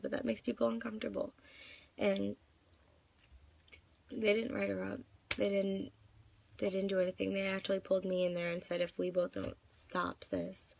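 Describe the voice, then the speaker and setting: A woman's voice: medium pitch, gravelly, a little mellow, breathy edge. A woman in her twenties venting in a live video, crying and upset, rambling with many fillers. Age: 20s. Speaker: vlogger.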